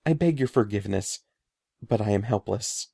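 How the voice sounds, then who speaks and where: A man voicing an old, sorrowful male wizard who speaks softly and gravely, halting with grief. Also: fairly low pitch, expressive, dry recording, clean studio sound, exaggerated voice.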